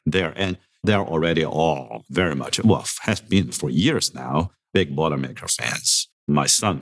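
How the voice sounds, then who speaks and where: Very deep-voiced good-humored man. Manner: good-humored, self-deprecating, chuckles between remarks. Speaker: university president. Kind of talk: podcast interview. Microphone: podcast microphone.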